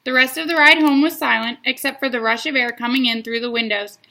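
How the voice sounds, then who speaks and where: Woman reading a children's book, bright voice. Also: high voice, fast, creaky. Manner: expressive, storybook reading. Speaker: reader.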